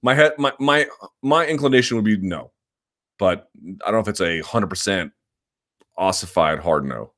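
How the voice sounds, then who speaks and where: Low-voiced man rambling through viewer questions. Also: moderate pace, pauses often, fairly bright tone. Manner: rambling, restarts sentences, self-assured. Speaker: host answering viewer questions. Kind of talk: live chat, casual and opinionated.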